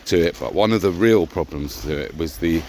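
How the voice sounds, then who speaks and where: A man's voice: low voice, brisk, darkish tone, slight background noise. A man in a reflective conversation who talks hesitantly, often repeating words and restarting. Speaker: co-host of a personal growth talk.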